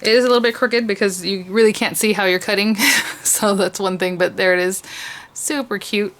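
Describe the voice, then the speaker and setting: A woman's voice: mid-range voice, fairly even intonation, brisk. A woman hosting a casual crafting tutorial, thinking aloud with frequent restarts and little laughs as she works at her desk. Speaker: crafting channel host.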